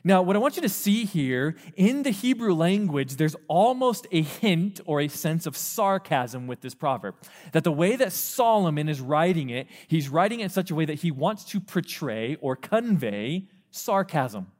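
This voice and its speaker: A man preaching a sermon to a youth group, animated, acting out the voices of parents and teens. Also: a little high, normal speed. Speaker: youth pastor. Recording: long reverb of a hall.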